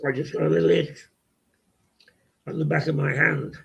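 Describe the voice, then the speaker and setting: An older man from hosting a local webcast, talking in a slow, rambling, croaky voice full of fillers. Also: fairly high pitch, flat delivery, fairly bright tone. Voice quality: croaky, gravelly voice. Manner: slow, halting, many fillers and repeats. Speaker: local TV host. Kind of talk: rambling casual monologue. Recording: dull lo-fi webcast audio.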